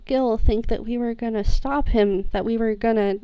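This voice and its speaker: A woman playing a troubled young person in a tabletop role-play, speaking haltingly with many restarts. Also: a little high, fairly even intonation, clean tone, dry recording, close to an everyday voice. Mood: hurt. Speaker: player. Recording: muffled lo-fi mic.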